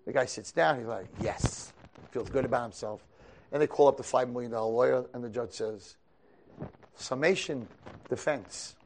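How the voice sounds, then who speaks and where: A man giving a storytelling lecture as a rabbi, animated, moving between quiet asides and loud dramatic peaks. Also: medium pitch, normal speed, a little hiss or hum. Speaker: rabbi teaching a class.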